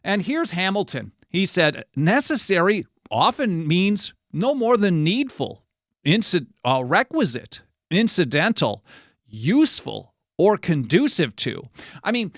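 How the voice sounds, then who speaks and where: A man's voice: high voice, big pitch swings, unhurried, a bit bright, no echo, studio quality. A man hosting a talk show, explaining history in a conversational way, reading quotes aloud with frequent fillers and self-corrections. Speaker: podcast host.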